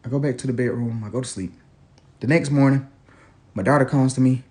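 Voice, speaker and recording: A man telling a funny family story in a casual, animated way, sometimes dropping into low mumbled asides. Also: brisk.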